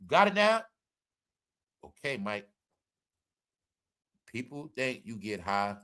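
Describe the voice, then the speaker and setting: Dude ranting on his show, bright high voice, all over the place, cussing. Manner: animated, mock-courtroom ranting, profane. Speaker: show host. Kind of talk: commentary.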